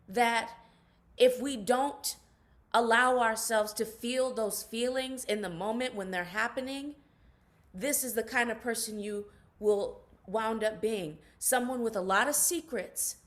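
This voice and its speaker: A young adult woman, an actress, speaking passionately and emphatically as a guest in an interview. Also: a little high. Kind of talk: interview conversation.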